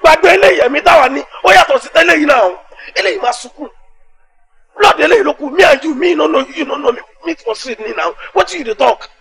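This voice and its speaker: A man's voice: very high-pitched, very fast, a bit bright, low-quality recording. An actor playing a brash young male street gang leader with a Nigerian accent, mixing Yoruba and Pidgin in a swaggering street voice. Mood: boastful. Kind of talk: Nollywood film acting.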